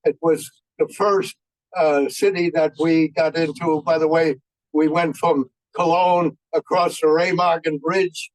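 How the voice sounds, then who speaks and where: Halting old man telling war stories. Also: fairly high pitch, fairly even intonation, no room sound, poor audio. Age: 90s. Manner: folksy, halting with many fillers. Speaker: veteran speaker. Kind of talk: anecdotal war storytelling.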